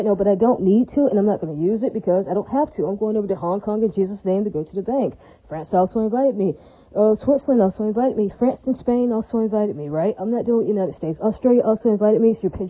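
A woman's voice: mid-range voice, dark tone, rough recording. A woman talking straight to her viewers in a rambling monologue. She repeats herself and circles back, breaks in with religious asides and keeps checking that her listeners are following. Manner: frequent religious interjections.

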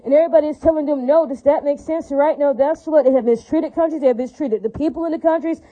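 A woman's voice: sits high, fast, muffled recording. A woman giving an angry, profane monologue rant, heated and preachy, with lots of repetition.

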